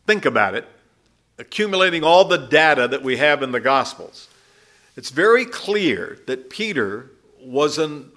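A man teaching a Bible passage verse by verse, explaining slowly with lively rises and drops in his speech. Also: on the high side.

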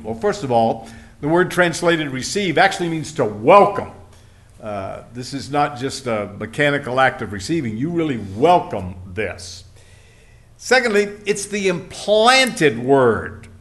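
This preacher weaves folksy anecdotes into his sermon, giving voice to each character he quotes. His mid-range voice is a bit bright and sing-song, and his pace is measured.

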